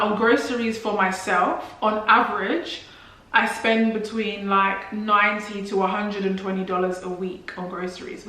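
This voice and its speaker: A woman's voice: mid-range voice, a bit bright. A young woman from London with a London English accent, chatting casually to her viewers with lots of "like" fillers and restarts. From England. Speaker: vlogger. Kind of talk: casual chat to camera. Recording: very echoey room.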